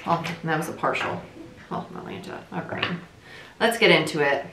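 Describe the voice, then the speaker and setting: A young woman from New Jersey giving a casual tarot reading, talking quickly in a chatty, rambling way. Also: deep voice, background noise. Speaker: tarot reader. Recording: echoey room.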